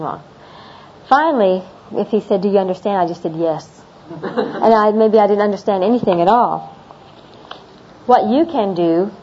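To a room of international students, a middle-aged woman chats about everyday customs in America, drifting a bit, saying things twice and laughing at her own stories. Her voice is medium in pitch with a dark tone, and the lo-fi classroom recording sounds dull with faint noise.

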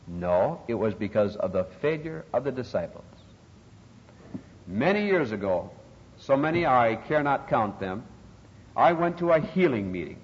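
Older male preacher with lively emphatic delivery. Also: medium pitch, measured pace. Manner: emphatic, dramatic rises on scripture quotes. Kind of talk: expository sermon. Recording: dull, lo-fi, long reverb in a hall.

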